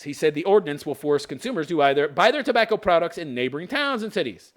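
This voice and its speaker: A man with a high, lively voice rants through a news commentary. He scoffs, swears freely and laughs at what he reads, with pitch that leaps around as he mocks. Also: fast, few pauses. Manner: sarcastic, profane, scoffing laughs. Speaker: podcast host.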